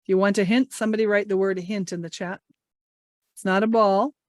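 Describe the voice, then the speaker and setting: A woman's voice: medium pitch, fairly even intonation, brisk, darkish tone, no echo, studio quality. A woman teaching English over a video call, playfully leading a guessing game. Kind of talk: online teaching session. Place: home office.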